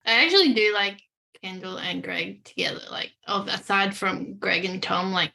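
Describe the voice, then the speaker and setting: A woman co-hosting a podcast, chatty and animated in a casual TV discussion. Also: mid-range voice, moderate pace, vocal fry, low-quality recording. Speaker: podcast co-host.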